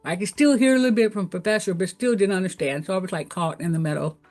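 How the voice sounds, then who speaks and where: A woman's voice: medium pitch, quick pace, darkish tone. A middle-aged woman with a Southern US accent from Tennessee, a guest telling her story candidly with frequent fillers. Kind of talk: interview answers.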